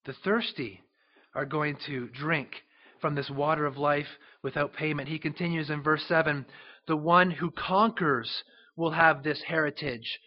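A man preaching a sermon as a pastor, emphatic and slowing down to stress scripture. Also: fairly high pitch, steady tone, dull audio.

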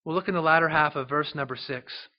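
A man preaching a sermon as a pastor, emphatic and slowing down to stress scripture. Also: on the high side, dull audio.

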